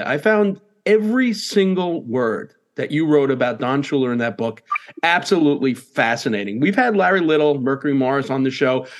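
A man hosting a sports interview show, asking questions in an enthusiastic, admiring way. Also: on the high side. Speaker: podcast host.

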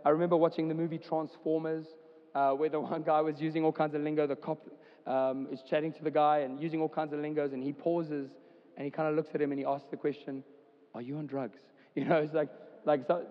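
A man, preaching a casual, chatty sermon as a church pastor, with many fillers. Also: fairly high pitch. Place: church hall. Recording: dull sound with long hall reverb.

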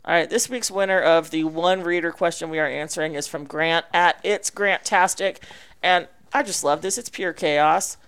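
A man co-hosting a comedy podcast, trading quick jokes and reading out a listener question. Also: on the high side, fairly even intonation, a bit bright, clean tone. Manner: reads out listener questions, fast quips. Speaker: podcast co-host. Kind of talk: casual comedic chat.

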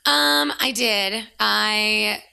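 Young woman in her 20s, lots of fry, chatty story, says "like" constantly. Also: mid-range voice, drawn-out words. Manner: animated storyteller, acts out quotes, says "like" often. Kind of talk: casual chat, storytelling.

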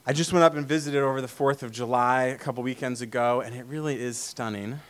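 A man from Vermont giving a casual sermon talk to a church meeting, telling stories in a relaxed way with many fillers. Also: medium pitch, quick pace, smooth. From Vermont, USA. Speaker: church speaker.

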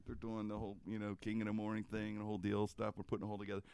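Telling a story casually on air, this middle-aged Pennsylvania radio host is animated, swears freely and laughs a lot. He talks very fast in a lowish voice with vocal fry and a clean tone.

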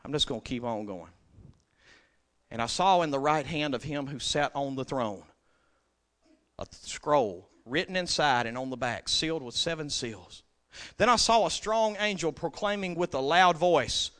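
A man preaching a sermon, moving between quiet scripture reading and loud, soaring declarations. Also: medium pitch, animated, normal speed.

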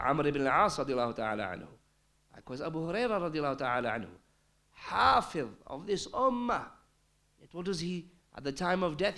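A man's voice: a little high, fairly bright tone. Emphatic male Islamic lecturer. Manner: emphatic, rising and falling delivery, quotes Arabic texts. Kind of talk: religious lecture.

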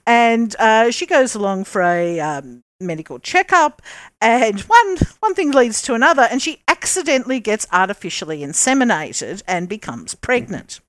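A woman's voice: a little high, sing-song, normal speed, fairly bright tone, dry recording. A woman co-hosting a podcast, chatting casually and explaining with lots of ums and restarts. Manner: chatty, explains with many fillers. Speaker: podcast co-host. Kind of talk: casual chat.

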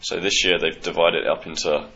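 Gravelly deep-voiced man. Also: fairly even intonation, brisk, pushed and bright. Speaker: podcast co-host. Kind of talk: casual football chat. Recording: slightly dull, lo-fi.

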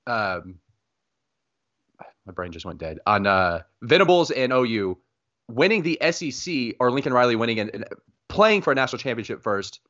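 Brief: male podcast co-host, mid-pitched, loose and jokey, lo-fi sound. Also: fairly bright tone. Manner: loose, joking, many fillers. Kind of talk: casual sports chat.

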